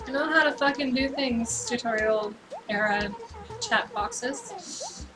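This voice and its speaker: A woman's voice: high-pitched, animated, takes it slowly, rough recording. Giggly, rambling young woman streamer. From California. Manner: rambling, giggly, swears casually. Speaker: livestreamer. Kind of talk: casual gaming stream chat. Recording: game music playing under voice. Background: game music.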